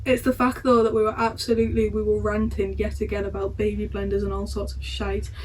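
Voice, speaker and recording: A young woman, chatting on a podcast as co-host and telling stories with animated, sweary acted-out quotes. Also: mid-range voice, a little fast, slight background noise. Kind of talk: casual chat.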